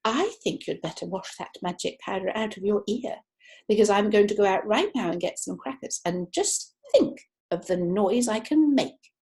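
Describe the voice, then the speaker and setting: A woman's voice: medium pitch, animated, moderate pace, darkish tone, natural voice. A woman voicing a sensible wife who answers her husband firmly and patiently.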